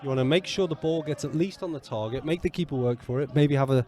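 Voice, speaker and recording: A man co-hosting a casual football chat outdoors at a ground, playfully teaching Italian words slowly and patiently between remarks on the match. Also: fairly high pitch, darkish tone. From England. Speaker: podcast co-host. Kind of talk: casual match commentary and banter.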